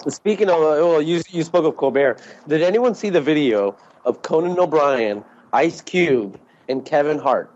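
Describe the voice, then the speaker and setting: Casual podcast co-host, male, slightly high voice, rambles through stories with laughs and swearing. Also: expressive, normal speed, darkish tone. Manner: rambling storyteller, swears freely, laughs mid-story. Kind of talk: casual chat. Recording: dull lo-fi podcast audio.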